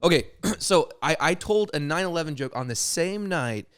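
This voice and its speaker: A man's voice: fairly high pitch, expressive, moderate pace, clear, resonant tone. A young man, a stand-up comedian and podcast co-host, in casual chat, often laughing as he retells his own jokes.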